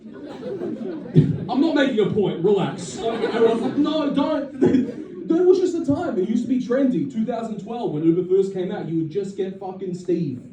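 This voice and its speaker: A man's voice: high-pitched, lively intonation, moderate pace, heavy background noise. A young man doing a brash, profane live stand-up set, often laughing at his own jokes. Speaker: stand-up comedian. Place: comedy venue with a live audience. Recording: distant, echoey audience recording with crowd laughter.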